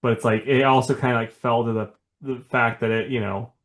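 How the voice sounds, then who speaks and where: A man's voice: mid-range voice, fairly even intonation, fairly quick. A man co-hosting a podcast, chatting casually about comics. He rambles through his points with plenty of "like" and "you know," often breaking into a laugh. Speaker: podcast co-host. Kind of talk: casual chat.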